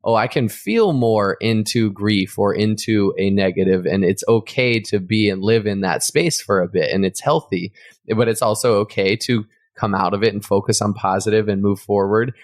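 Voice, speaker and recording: A man co-hosting a podcast talks in a low voice, reflecting earnestly on what he has learned. His casual, thoughtful delivery comes across dry and close to the mic. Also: normal speed, no echo. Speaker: podcast co-host.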